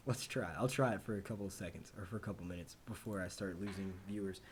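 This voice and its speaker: A man's voice: low voice, fairly even intonation, quick pace, a little hiss or hum. A man answering viewer questions on a live stream in a casual, rambling and profane way.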